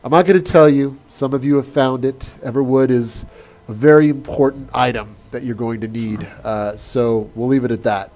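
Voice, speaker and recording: A man, a game developer, chatting casually on a livestream in a relaxed, joking way. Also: mid-range voice, moderate pace. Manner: relaxed, joking, hesitant with fillers.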